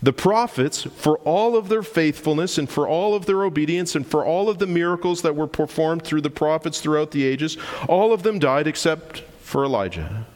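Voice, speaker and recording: A man preaching a sermon as pastor, earnest and emphatic, slowing down and repeating lines for stress. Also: fairly high pitch, lively intonation, darkish tone. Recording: long reverb of a large hall.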